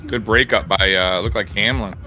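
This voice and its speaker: A man hosting a sports video, talking casually over highlight clips in a rambling way with lots of fillers. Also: moderate pace, pushed and bright, soft background music. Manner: rambling, many fillers and restarts.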